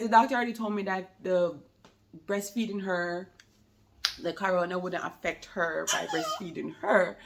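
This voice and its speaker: A woman's voice: on the low side, vocal fry. A woman chatting casually to camera about being a new mother, rambling and laughing often, with a slight lingering cold.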